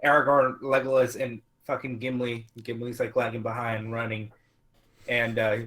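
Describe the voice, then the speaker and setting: A man chats on a podcast in a blunt, teasing way, swearing often as he goes. His pitch sits in a middle range. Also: level tone, normal speed, fairly bright tone. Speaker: podcast co-host. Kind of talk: casual chat.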